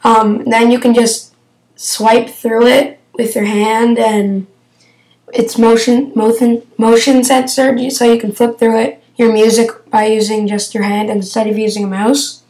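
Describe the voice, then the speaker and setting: A young female vlogger chats about her favourite apps in a hesitant, filler-heavy way. Her voice sits a little high, and she talks slowly. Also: flat delivery, darkish tone, rough recording. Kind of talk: casual app review.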